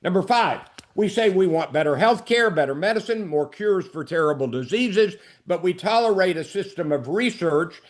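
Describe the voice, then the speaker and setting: A man presenting a book briefing webinar, reading numbered points in a brisk, emphatic way. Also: sits high, lively intonation.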